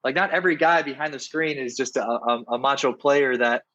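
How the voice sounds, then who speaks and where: A man's voice: medium pitch, a little fast, bright, forceful tone, lo-fi sound. A man, a dating coach and interview guest, talking earnestly in a casual chat, often restarting and checking in with "right?". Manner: earnest, keeps asking "right?", many restarts.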